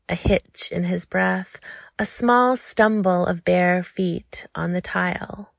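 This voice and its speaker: A woman narrating a story in a slow, lingering, intimate way. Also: lowish voice, vocal fry, no echo, studio quality.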